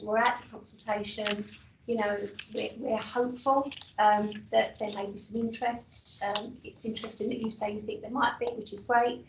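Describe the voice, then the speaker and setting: A woman council officer whose voice is going hoarse explains a process at a committee meeting. She talks haltingly, with repeats and fillers. She sits well back from the mic in an echoey room with faint background noise. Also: a little high, far from the mic. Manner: hesitant, repeats words, many fillers. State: losing her voice, coughing.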